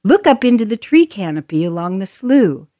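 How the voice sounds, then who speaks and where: A woman's voice: medium pitch, big pitch swings, moderate pace, warm tone, no echo, studio quality. A woman reading scripted audio tour narration in an inviting way, pointing out sights to listeners.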